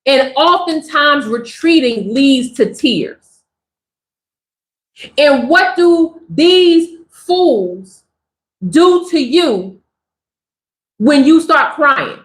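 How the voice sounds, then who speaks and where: A woman hosting a spiritual livestream, talking in a casual, animated, slangy way to her chat and preaching at them. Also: sits high, drawn-out words, long pauses, echoey room.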